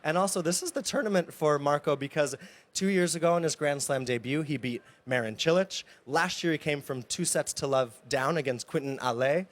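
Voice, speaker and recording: A man's voice: a little high, a little fast. A man co-hosting a live studio sports show, retelling a match story with facts and figures. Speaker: studio co-host. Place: television studio.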